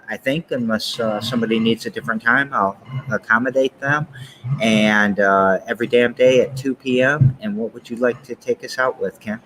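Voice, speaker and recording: A man hosting a daily talk show, speaking in a relaxed way and making announcements and sign-offs. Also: medium pitch, a little hiss or hum. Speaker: host. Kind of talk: casual chat.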